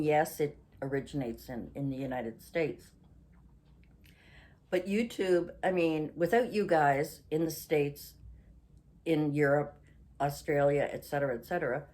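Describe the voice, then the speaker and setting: A woman's voice: low-pitched, darkish tone. A woman in her sixties from Canada, hosting a chatty craft vlog, rambling and losing her train of thought, then ranting indignantly. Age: 60s. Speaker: craft channel host.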